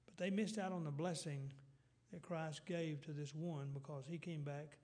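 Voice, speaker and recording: Middle-aged guy preaching, plain folksy talk, kinda high voice, stops and restarts a lot. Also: steady tone, moderate pace, darkish tone. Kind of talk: sermon.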